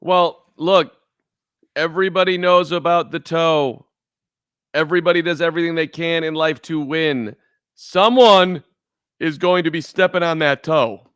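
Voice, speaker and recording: A man's voice: a little high, a little slow, a bit bright, smooth, no room sound, clean studio sound. A man co-hosting a sports podcast, chatting playfully with jokes and stammered restarts. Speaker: podcast co-host. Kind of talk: casual sports talk.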